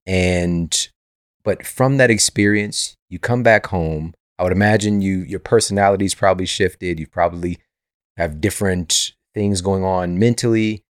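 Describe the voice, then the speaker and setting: A man's voice: low voice, measured pace, dry recording, studio quality. A man hosting a podcast interview, asking long, eager, rambling questions full of fillers. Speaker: podcast host. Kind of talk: casual interview chat.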